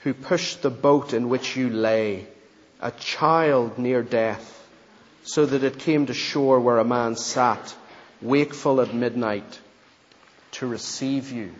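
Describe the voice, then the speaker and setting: A great lion speaks low and unhurried, calm and solemn, voiced by a man reading aloud. The tone is dull and a long reverb trails each phrase. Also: natural voice. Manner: slow, solemn. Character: huge deep-voiced lion, calm and grave.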